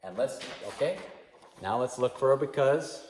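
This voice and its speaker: A man's voice: mid-range voice, animated, moderate pace, a little mellow, slight background noise. A man teaching an English class, explaining patiently and encouragingly to students. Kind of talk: classroom instruction. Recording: echoey room with long reverb.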